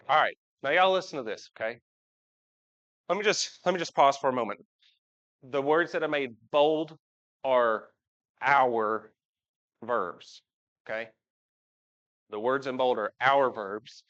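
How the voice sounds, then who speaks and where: A preacher with a mid-range, fairly bright voice delivers a relaxed live sermon in a church sanctuary, asking the congregation questions and chatting with them. The live church recording is dull and lo-fi.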